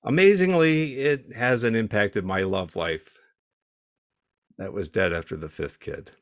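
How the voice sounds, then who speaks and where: A man doing a stand-up comedy set, with deadpan setups and punchy turns. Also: on the low side, unhurried, no room sound, clean studio sound.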